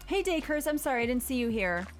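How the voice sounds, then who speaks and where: A woman, a parent, hosting a casual livestream chat, giving earnest, gentle advice and reading viewers' messages aloud. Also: high-pitched, sing-song, quick pace, faint music behind. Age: adult parent. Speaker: livestream host.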